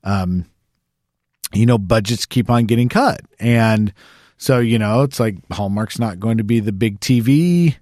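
A man's voice: lowish voice, unhurried, a little mellow, dry recording, studio quality. A man co-hosting a podcast in casual chat, loose and profane, often restarting his sentences. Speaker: podcast co-host.

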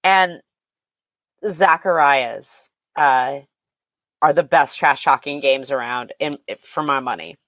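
Woman, podcast guest, low voice, enthusiastic, rambling fillers, dry sound. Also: a bit bright, no echo. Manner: enthusiastic, chatty with many fillers. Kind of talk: casual chat.

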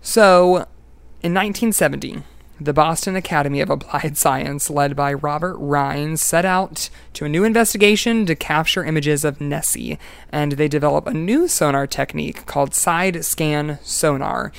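Playful storytelling podcast host, gravelly, dry close sound. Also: medium pitch, normal speed, dry recording. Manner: playful, jokey, laughs often. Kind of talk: casual storytelling chat.

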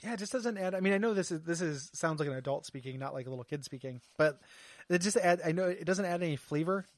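A man's voice: fairly high pitch, animated, fast talker, no echo, clean studio sound. A man hosting a casual podcast, bantering and laughing often with his co-host.

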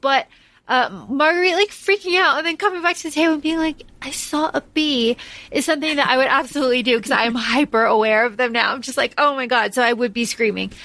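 A woman's voice: high-pitched, fast, pushed and bright, no echo. A woman co-hosting a podcast, chatting casually about a film, emphatic and swearing freely with lots of restarts. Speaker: podcast co-host. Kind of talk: casual film-discussion chat.

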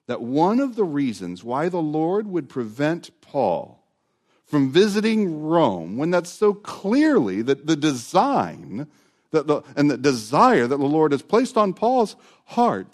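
Male pastor giving a sermon, really lively up-and-down voice, gets emphatic then trails off quiet. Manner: animated, emphatic, voice drops low at phrase ends.

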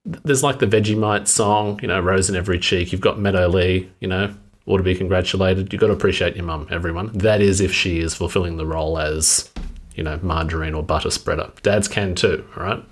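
A man co-hosting a casual chat, musing aloud in a measured, wry way. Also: low-pitched, steady tone. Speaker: co-host.

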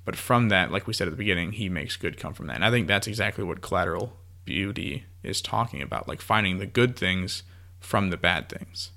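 A man's voice: sits low, animated, a little fast, creaky, sharp tone. A man co-hosting a podcast, casually explaining a faith idea with frequent "like" and "you know". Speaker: podcast co-host.

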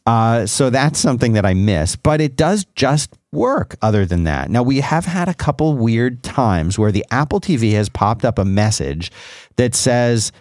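A man's voice: medium pitch, lively intonation, normal speed, darkish tone, no room sound, clean studio sound. A man co-hosting a podcast, explaining gadgets in a rambling, self-correcting casual chat. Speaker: podcast co-host.

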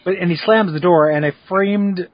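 A man co-hosting a podcast in casual chat, making wry, deadpan jokes. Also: high voice, moderate pace, no echo, lo-fi sound. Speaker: podcast co-host.

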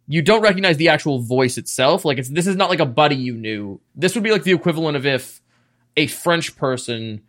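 Lively man narrating as game master. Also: fairly high pitch, brisk.

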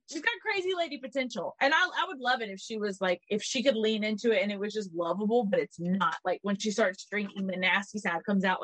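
A woman co-hosting a podcast in casual gossip chat, animated and swearing, acting out quotes in little voices. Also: medium pitch, no echo, poor audio. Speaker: podcast co-host.

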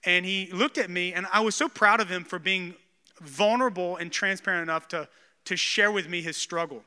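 Brief: thirties pastor, lively storytelling sermon, very bright tone. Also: male voice, high voice, normal speed, smooth, big-room sound. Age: 30s. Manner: energetic, storytelling with frequent restarts.

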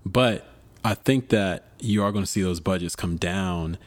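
Very deep-voiced man giving opinions. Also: a little slow. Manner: opinionated, lots of "you know", warm agreeing "mm-hmm". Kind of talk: casual film-industry chat.

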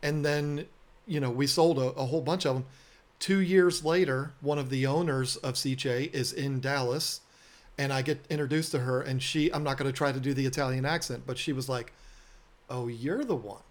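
A man's voice: mid-range voice, steady tone, moderate pace. Earnest man telling a story. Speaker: podcast host and aquarium business owner. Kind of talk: casual storytelling conversation.

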